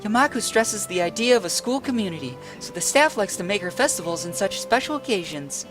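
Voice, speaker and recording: A man doing a courteous young schoolgirl from a visual novel, high and softly lilting. She is refined and unhurried, and her words are chosen with care. A quiet guitar plays in the background. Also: animated. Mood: gentle. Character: polite well-bred young female student.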